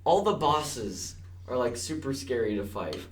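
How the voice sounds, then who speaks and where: A man's voice: medium pitch, very animated, unhurried, slightly rough. A teenage boy in casual podcast chat, dry and sarcastic. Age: teens.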